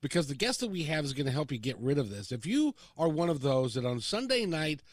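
Male radio host, playful and enthusiastic, fairly high, lively voice. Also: fast, dry recording. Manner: enthusiastic, playful, swoops in pitch. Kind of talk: upbeat morning talk radio.

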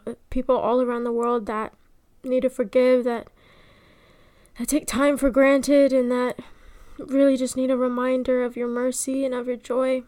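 A woman's voice: sits high, level tone, normal speed, dark tone. A young woman co-hosting a casual faith podcast, chatty and full of fillers. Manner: chatty, filler-heavy phrasing. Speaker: podcast co-host.

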